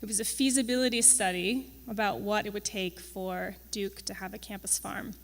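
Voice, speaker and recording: A woman's voice: mid-range voice, fairly even intonation, moderate pace. A young woman giving a conversational presentation to an audience as a campus farm manager. She is chatty and wry, with frequent ums and tag questions. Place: large event hall. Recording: long reverb of a large event hall.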